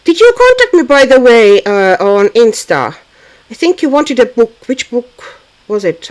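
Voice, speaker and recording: Her voice is a little high and the audio quality is poor. She hosts a casual livestream, painting while she chats to viewers and thinks aloud with hesitant fillers.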